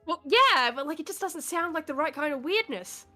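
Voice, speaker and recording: A woman chatting casually on a livestream, blunt and quick to swear, laughing between remarks. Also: high voice, animated, bright, forceful tone, faint music behind. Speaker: stream guest.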